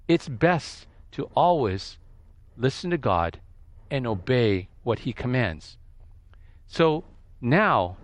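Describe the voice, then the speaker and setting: A man preaching a sermon with a lively, swooping delivery, reading scripture and commenting on it. His voice sits a little high for a man. The recording is dry and close, with no room sound. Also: no room sound.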